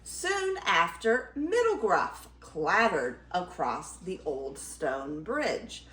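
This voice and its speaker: An older woman reads a fairy tale aloud in a very slow, lively, sing-song way, her voice a touch high. The room gives it a roomy echo. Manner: expressive, slow dramatic reading. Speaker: grandmother storyteller.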